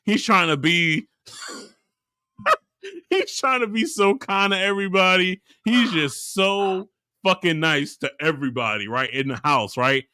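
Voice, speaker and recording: A man's voice: high voice, slow, clear, resonant tone, no echo, studio quality. A man co-hosting a casual podcast, retelling a story with lots of laughter and acted-out voices. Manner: animated storyteller, laughs a lot, acts out characters. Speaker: podcast co-host. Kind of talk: casual chat.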